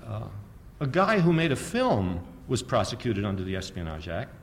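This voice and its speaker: Sardonic man lecturing with lively pitch. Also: moderate pace. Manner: sardonic, rhetorical questions, frequent "right?"; animated, chuckles at own points. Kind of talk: public lecture on history.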